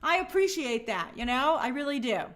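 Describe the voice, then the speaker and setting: A woman's voice: sits high, very animated, normal speed, fairly bright tone. A woman hosting a live stream, chatting casually and greeting viewers by name in an upbeat, friendly way.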